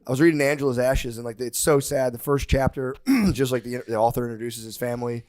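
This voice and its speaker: A man's voice: mid-range voice, fast talker, darkish tone. A man co-hosting a podcast, telling stories in a laid-back, profane way. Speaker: podcast co-host. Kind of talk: casual chat.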